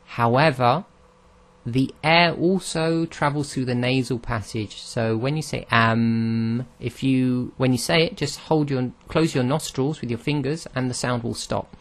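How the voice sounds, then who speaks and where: In an unhurried recorded lesson, a middle-pitched male teacher explains how Arabic letters are pronounced. He walks through it patiently, step by step, voicing each sound aloud so listeners can repeat it.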